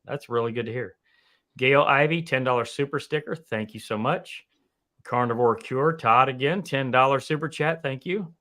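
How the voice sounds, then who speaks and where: Guy hosting a livestream, reading donations off quick, easygoing and upbeat. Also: mid-range voice, bright, forceful tone. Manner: upbeat, thanks donors one by one. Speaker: livestream host reading super chats. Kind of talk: casual live-stream chat.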